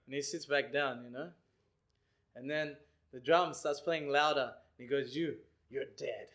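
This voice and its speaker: A man giving a lecture, telling an animated story and acting out the people in it. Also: mid-range voice, measured pace. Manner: animated, acts out people he describes and sings chants.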